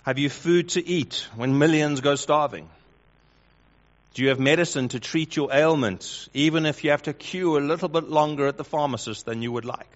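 A man preaching a sermon, building through rhetorical questions and swinging between loud emphasis and hushed lines. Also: fairly high pitch, normal speed. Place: church hall with congregation. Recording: dull lo-fi sound.

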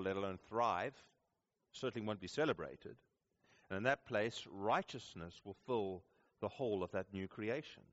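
A man's voice: on the low side, lo-fi sound. A man preaching a sermon to his congregation, earnest and pleading, sometimes pressing hard with questions. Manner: earnest, rising to intense questioning then softening. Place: church service with congregation.

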